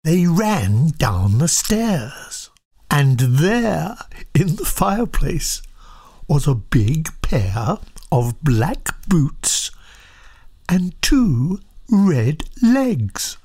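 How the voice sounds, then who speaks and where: A storyteller reading a children's picture book aloud, soft and often half-whispered. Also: mid-range voice, big pitch swings, very slow, slightly rough.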